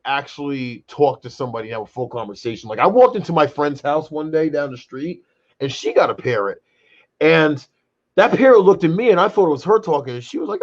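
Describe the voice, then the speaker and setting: A man co-hosting a casual chat show, animated and rambling, leaning on fillers like "though" and "brother". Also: on the high side. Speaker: co-host. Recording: dull lo-fi sound.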